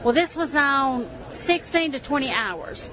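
A woman from Alabama talks about her food in a plain, proud way, her voice a touch high. A busy crowd fills the outdoor background, and the audio is dull. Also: lively intonation, unhurried. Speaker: barbecue restaurant representative. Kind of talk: casual interview at a food festival. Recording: muffled radio recording amid crowd.

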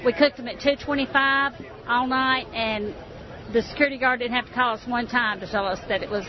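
A woman's voice: on the high side, steady tone, brisk. A woman from Alabama explaining her restaurant's food in a matter-of-fact, proud way during a casual interview. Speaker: barbecue restaurant representative. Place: outdoor festival crowd. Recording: muffled radio recording amid crowd.

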